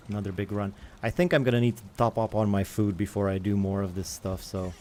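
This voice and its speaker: A man's voice: lowish voice, steady tone, moderate pace, a little mellow, a little hiss or hum. A man giving rambling, self-mocking commentary while he plays a survival game and answers chat. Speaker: gaming streamer. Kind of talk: casual let's-play commentary.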